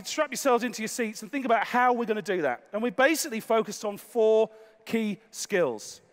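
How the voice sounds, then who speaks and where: A man giving an energetic, conversational keynote talk on a conference stage, adding quick asides. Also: extremely high pitch. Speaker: conference speaker. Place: large conference hall. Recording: echoey hall reverb.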